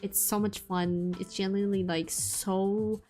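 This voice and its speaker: A young woman talks casually to her viewers, rambling and restarting her sentences with plenty of fillers. Her pitch sits in a middle range. Faint background music plays under her voice. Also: flat delivery, a little slow, a little mellow. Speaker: streamer.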